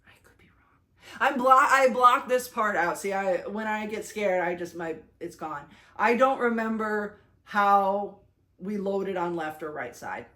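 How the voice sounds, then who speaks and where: A young woman vlogger casually retelling her day, chatty and animated, with lots of fillers and self-conscious restarts. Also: medium pitch, unhurried. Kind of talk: casual storytelling recap.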